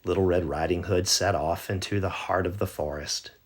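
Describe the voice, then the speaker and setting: A man narrating a bedtime story in a gentle, measured way. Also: low-pitched, husky.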